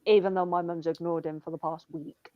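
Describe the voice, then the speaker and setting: A woman's voice: on the low side, level tone, brisk, no room sound, lo-fi sound. Young woman, sweary rambling stories. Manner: swearing, rambling storytelling with lots of "I'm like". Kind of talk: casual chat.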